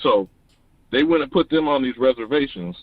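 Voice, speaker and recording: A man calling in to an online talk show, delivering an animated, preachy monologue that rises to emphatic declarations. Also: medium pitch, normal speed, no echo. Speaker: caller. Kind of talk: passionate call-in monologue. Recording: dull lo-fi dry call-in audio.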